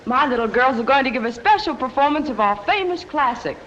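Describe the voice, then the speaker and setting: A sassy saloon singer with quick, brassy patter. Her voice is high and swoops lively up and down. It comes through a hissy, dull old 1930s film soundtrack. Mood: showman.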